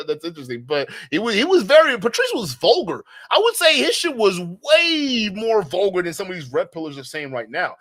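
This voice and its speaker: A man's voice: high-pitched, big pitch swings, a little fast. A man hosting a casual livestream, reading super chats, rambling and joking with frequent laughs. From Nigeria. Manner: joking, rambling, laughs often, shouts out viewers. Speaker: livestream commentator.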